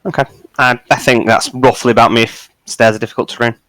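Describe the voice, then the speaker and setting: A man's voice: mid-range voice, fairly even intonation, fast talker, fairly bright tone, no echo, faint music behind. A man playing in an online tabletop game, chatting and joking with the table. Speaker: player. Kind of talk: casual game table chat.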